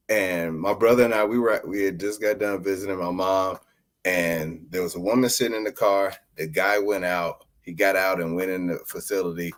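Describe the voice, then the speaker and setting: A man hosting a podcast, telling a story in casual chat and laughing often as he talks. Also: deep voice. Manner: laughs often while talking, animated and joking. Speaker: podcast host.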